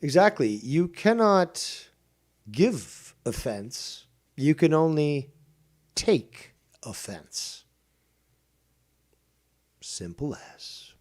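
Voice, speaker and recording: Male host, animated and higher-pitched, cursing hard while he argues his case. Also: extremely slow, long pauses. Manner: profane, emphatic ranting. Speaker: show host. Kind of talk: heated podcast debate.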